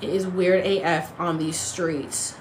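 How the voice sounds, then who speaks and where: A woman hosting a casual livestream chat, ranting in an animated, profane, incredulous way. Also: fairly low pitch, slow pace, echoey room, a little hiss or hum. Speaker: TikTok live host. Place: apartment in a city.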